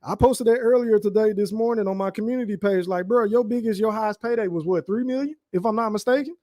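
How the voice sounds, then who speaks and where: During a live-streamed commentary rant, a podcast host addresses his chat audience directly, mocking and swearing in a heated tone. His high-pitched voice is quick and a little mellow, with clean studio sound and no echo.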